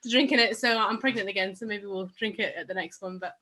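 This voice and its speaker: A woman sharing a fond memory on a video call, chatty and quick to laugh. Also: mid-range voice, steady tone. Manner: chatty and warm, breaks into laughter. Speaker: church member sharing a memory.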